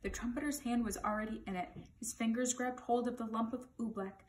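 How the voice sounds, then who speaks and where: A woman reading a children's picture book aloud in an expressive, lively storytelling manner. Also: on the high side, a little hiss or hum, poor audio.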